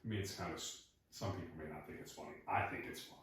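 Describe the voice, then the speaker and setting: A man's voice: rumbling low, racing, fairly bright tone. A man hosting a podcast, telling stories in a laid-back, easygoing way. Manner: laid-back storyteller, laughs easily. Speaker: podcast host. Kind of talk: casual interview conversation. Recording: echoey room, far from the mic.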